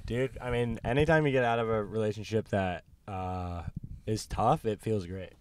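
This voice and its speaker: A man's voice: fairly low pitch, steady tone, moderate pace. A young man talking as a podcast guest in casual chat, rambling and reflective, swearing casually.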